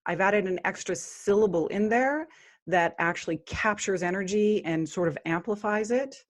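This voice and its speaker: A woman speaking as a guest on a podcast in an earnest spiritual interview, at times chanting mantras slowly. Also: medium pitch.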